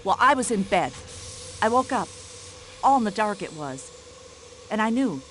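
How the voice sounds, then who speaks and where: An actress playing a brash, nosy older American widow with an American accent, fussing and complaining in a game. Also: female voice, mid-range voice, sing-song, moderate pace, slight background noise, natural voice. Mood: indignant. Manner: indignant, nosy, fussy complaining chatter. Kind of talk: video game voice acting.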